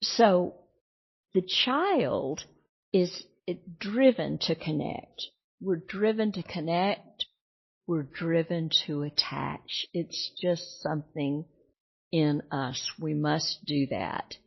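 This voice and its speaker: A woman's voice: low voice, slow, gravelly, husky. A woman teaching a class, explaining her points over and over and asking rhetorical questions, in a dull lo-fi recording. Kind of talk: teaching talk.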